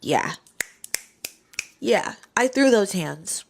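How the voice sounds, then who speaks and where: A young woman telling a personal story in a casual, animated way, acting out the voices of the people in it. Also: mid-range voice, extremely slow, gravelly, slight background noise. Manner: animated, acts out voices in quotes.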